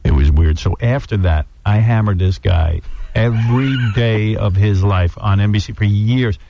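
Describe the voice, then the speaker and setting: A man's voice: fairly low pitch, moderate pace, creaky, lo-fi sound, a little hiss or hum. Wry male radio host telling a story. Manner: wry, animated anecdote-telling. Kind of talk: radio talk show banter and storytelling. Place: radio studio.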